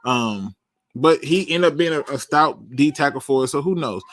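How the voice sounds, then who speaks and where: Male sports host, casual and animated, a bit high-pitched, dry studio sound. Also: moderate pace, no echo. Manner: animated, swears, laughs at himself. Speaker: podcast host.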